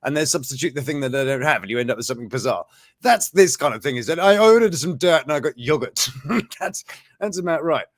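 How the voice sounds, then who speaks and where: A male show host with a slightly high voice reads odd news items at a quick pace, his lively intonation swooping up and down on this casual show. He chuckles often and cuts himself off mid-sentence to comment, recorded close and dry with no room sound.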